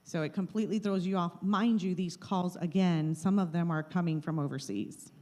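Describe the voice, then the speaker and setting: A woman's voice: fairly low pitch, normal speed, a little mellow. A middle-aged woman giving a live talk on scams to an audience, with plain, repeated warnings, speaking into a handheld mic in a meeting room. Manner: plain, repetitive warnings, acts out scam calls. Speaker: presenter of a scam-awareness talk.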